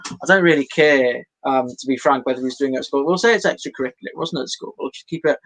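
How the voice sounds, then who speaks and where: A young man performs a rambling, self-mocking stand-up set from home for an online showcase, packed with fillers and restarts. His voice is medium-pitched and quick, and the recording is rough.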